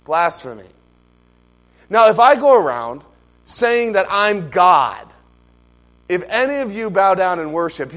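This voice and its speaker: High-voiced man preaching. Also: fairly bright tone. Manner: conversational preaching with rhetorical questions and asides. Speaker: pastor. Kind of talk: sermon.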